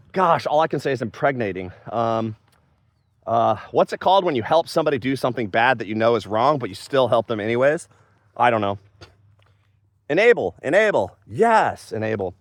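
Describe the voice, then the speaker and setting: A man's voice: mid-range voice, dry recording. Rambling American man, dry close sound. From United States. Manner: rambling, loses his train of thought, grows heated and scolding. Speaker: vlogger. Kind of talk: rambling opinion vlog.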